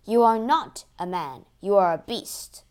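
A man's voice: high-pitched, lively intonation, unhurried. A woman voicing a commanding, outraged frontier man. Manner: forceful, commanding, shouting at a bully. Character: bold, righteous male stranger, mining expert.

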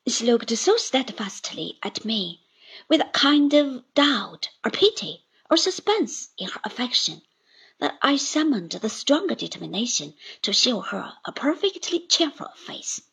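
A woman reading an audiobook in slow, near-whispered narration. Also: fairly high pitch, big pitch swings, vocal fry, fairly bright tone, breathy edge. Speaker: audiobook reader. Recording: dull lo-fi recording.

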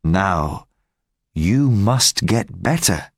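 A kind, dignified gentleman speaks calmly and firmly, slightly low and unhurried, as a male reader voices him. The audiobook sound is close and dry. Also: creaky, dry recording, full character voice. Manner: calm, gentle and firm. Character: kind, respected older gentleman.

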